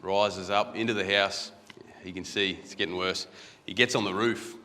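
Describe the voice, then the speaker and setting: This Australian man, a conference guest speaker, has a low, pushed and bright voice with fairly even intonation at normal speed. He tells anecdotes in a casual, conversational way from a stage, often repeating words as he restarts phrases. The recording carries the echo of a large hall.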